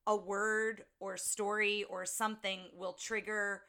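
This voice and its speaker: A woman's voice: medium pitch, level tone, unhurried, bright, forceful tone. A woman co-hosting a casual podcast, chattily retelling a film scene and acting out the characters' lines. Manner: chatty storytelling, frequent "like"s, acts out quotes. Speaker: podcast co-host.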